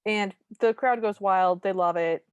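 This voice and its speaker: A woman's voice: medium pitch, measured pace, smooth, no echo, dull audio. A woman co-hosting a podcast, casually recapping a movie's plot beat by beat with dry asides. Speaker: podcast co-host.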